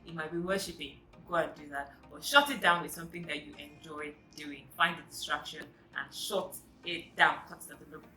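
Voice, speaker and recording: A woman's voice: deep voice, fairly quick, few pauses, bright, forceful tone, echoey room, low-quality recording. A woman vlogger giving a chatty, emphatic self-help talk straight to her viewers.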